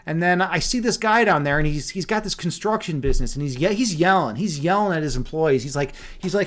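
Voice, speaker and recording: High-voiced playful male stream host. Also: lively intonation, brisk, few pauses, a bit bright. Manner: playful, loose, many fillers and restarts. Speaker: livestream host reading chat. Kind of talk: casual rambling chat.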